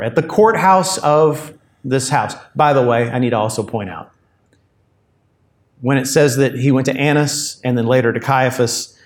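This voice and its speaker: A man preaching a sermon in a conversational, explanatory way, full of asides. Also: mid-range voice. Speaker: pastor.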